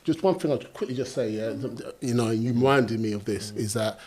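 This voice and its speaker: A man, a guest in a casual panel discussion, talking in a measured, earnest way full of "you know". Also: medium pitch, a little mellow. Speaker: guest on a talk show.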